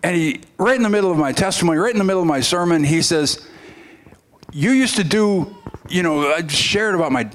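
A man's voice: a little high, fast talker, hardly any pauses, a bit bright. A man giving a sermon as a visiting preacher, telling a story in a conversational way with frequent restarts and fillers. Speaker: guest preacher.

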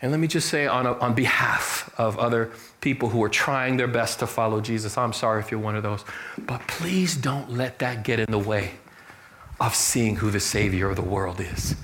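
A man's voice: moderate pace, fairly bright tone, slight background noise. A man preaching a sermon as pastor, emphatic, repeating phrases and asking the congregation to respond, acting out quoted dialogue. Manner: acts out quoted dialogue in a lower voice. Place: church sanctuary. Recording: roomy church echo.

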